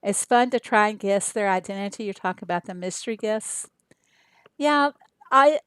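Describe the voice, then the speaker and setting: An older woman from Arkansas, chatting casually with viewers on her game livestream in an unhurried way with lots of fillers. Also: mid-range voice, dry recording, clean studio sound. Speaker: game streamer.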